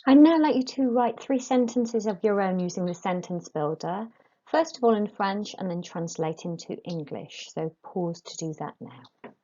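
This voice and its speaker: A woman teaching a recorded French lesson, dictating phrases slowly and explaining pronunciation in English. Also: mid-range voice, lively intonation, warm tone, dull audio.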